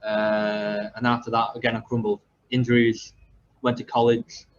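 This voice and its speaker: Young man from england, podcast host, self-deprecating, rambling, medium pitch, muffled audio. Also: flat delivery, normal speed. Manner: rambling, self-deprecating, many fillers and restarts. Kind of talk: casual storytelling. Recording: slightly dull lo-fi audio with faint background noise.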